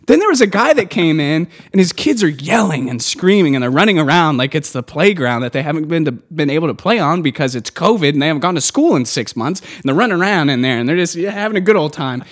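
A man venting loudly in casual podcast chat, worked up and mimicking customers as he rants. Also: on the high side, fast talker, few pauses. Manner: ranting, animated, mimics customers. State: worked up and loud. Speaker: podcast co-host.

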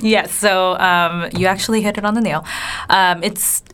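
A woman's voice: fairly low pitch, fairly even intonation, normal speed, a bit bright, smooth. Earnest young woman chatting casually. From California. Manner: earnest, filler-heavy storytelling. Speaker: co-host. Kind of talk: casual chat.

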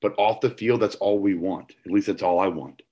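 Male host, very low voice, reflective and loose. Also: a little fast, mellow. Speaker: podcast host. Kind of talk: casual conversation.

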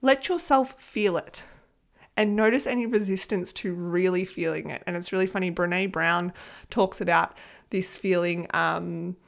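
An Australian woman hosting her own podcast, talking in a chatty, earnest way, animated and swearing freely. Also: on the low side, normal speed, creaky. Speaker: podcast host and manifestation coach. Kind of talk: casual solo podcast talk.

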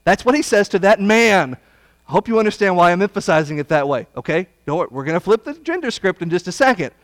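Preacher guy, high voice, blunt and folksy, goes loud then quiet, dry no-echo sound. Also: expressive, fast talker. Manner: emphatic, swings between loud and hushed. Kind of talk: sermon-style Bible study.

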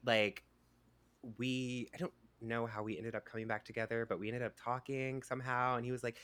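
A man's voice: medium pitch, little pitch movement, a little fast, a bit bright, clear, resonant tone, dry recording. A man telling a personal story in casual chat on a podcast, rambling with many fillers. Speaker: podcast guest.

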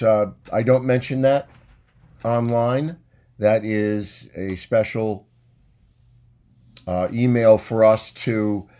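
A middle-aged man delivers a solo podcast monologue at a slow, deliberate pace. He speaks with a mock-grand flourish and a self-mocking wink, often circling back and restarting his thoughts. His pitch sits in an ordinary male middle range. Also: dark tone. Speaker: podcast host, former political consultant. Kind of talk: casual monologue.

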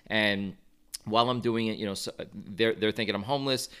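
A man telling a long story in a casual interview, animated and acting out what others said. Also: fairly low pitch, a little fast, smooth. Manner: animated storyteller, acts out quoted voices. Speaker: guest, video creator.

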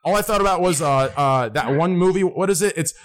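A man's voice: high-pitched, fast. An American man hosting a charity stream, reading out donations with profane joking banter and many fillers. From United States.

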